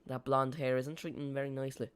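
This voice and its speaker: A man's voice: mid-range voice, flat delivery, fast talker, clean tone. A young man, hosting a live football watch-along in a chatty, self-mocking way. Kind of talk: casual live match commentary.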